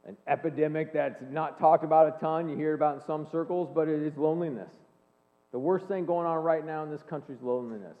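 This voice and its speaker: A man's voice: fairly high pitch, fast talker. Man speaking in an echoing hall. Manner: storytelling, earnest and animated. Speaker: speaker and leadership coach. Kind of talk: faith-based talk to an audience. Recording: long hall reverb, phone-like band.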